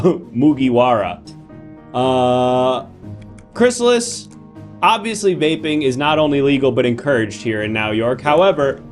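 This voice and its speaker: Brief: exasperated comic host playing judge, slightly high voice, music under him. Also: male voice. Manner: playful, exasperated, quick asides. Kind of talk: live improv comedy stream.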